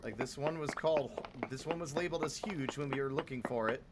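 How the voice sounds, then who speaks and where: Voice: medium pitch, a little fast. A livestreaming gamer chatting casually with viewers while playing, rambling and swearing offhandedly. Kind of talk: casual live stream chat. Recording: loud background noise.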